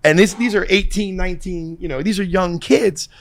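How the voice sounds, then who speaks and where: Brief: animated middle-aged host, storyteller, crude, dry studio sound. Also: male voice, high voice, normal speed, vocal fry, dry recording. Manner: animated storyteller, swearing, acting out voices. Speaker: podcast host. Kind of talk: casual storytelling chat.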